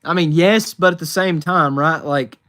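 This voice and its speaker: With a fairly high, fairly bright voice at normal speed, an American man livestreams from his phone. He reads viewers' chat questions out loud and answers in a loose, chatty style heavy with fillers.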